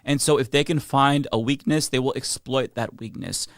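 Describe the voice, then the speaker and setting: Male political commentator, earnest and blunt, mid pitch, dry close recording. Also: normal speed, vocal fry, no echo. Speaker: commentator in a played clip.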